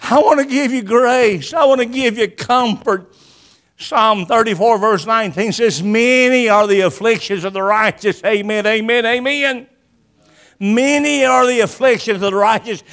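Man, preacher, sermon, high voice, folksy scripture paraphrase. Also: unhurried. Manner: impassioned preaching, swinging from soft low to loud high.

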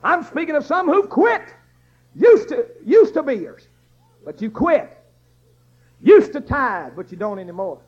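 Fiery high-pitched preacher man. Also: sing-song, measured pace, pauses often, breathy edge. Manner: emphatic, repetitive preaching cadence. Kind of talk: fiery Baptist sermon. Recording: dull lo-fi church recording.

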